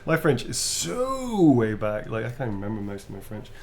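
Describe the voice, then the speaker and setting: A man's voice: mid-range voice, wildly swooping pitch, moderate pace, vocal fry, a little mellow, a little hiss or hum. Sweary man chatting on a livestream. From England. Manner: swearing, rambling, laughing. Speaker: livestream host. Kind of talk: casual chat.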